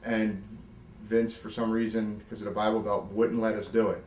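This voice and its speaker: A lowish-voiced middle-aged man from South Jersey, a former wrestler, is a guest in a storytelling interview, speaking at normal speed. He swears freely, stays animated, and acts out vivid quotes. The sound is roomy with a distant mic and slight background noise.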